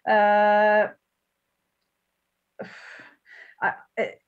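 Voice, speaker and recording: A woman guest in a podcast conversation, hesitant and searching for her words. She reads book passages slowly and carefully. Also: mid-range voice, monotone, clear, resonant tone, narrow, tinny audio. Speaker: guest poet. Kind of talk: conversation and reading aloud from a book.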